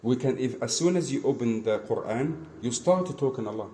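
A man preaching an earnest lesson, repeating phrases and swinging between soft asides and emphatic calls. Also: mid-range voice, lively intonation, fairly quick, slight background noise. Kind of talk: mosque lesson, storytelling sermon.

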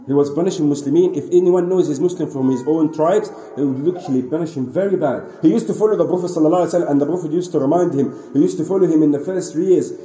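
Racing along with few pauses, a man with a mellow, fairly high voice tells a religious story as an informal lesson. He retells it animatedly, restarting often and dropping in Arabic phrases, with a roomy echo and faint ambient noise around him.

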